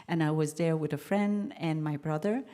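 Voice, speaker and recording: Woman, 50s, low-pitched, halting lecture delivery, hall reverb. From Vietnam. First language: French. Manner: halting, many restarts and fillers, animated quotes. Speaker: guest lecturer. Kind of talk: university lecture, storytelling.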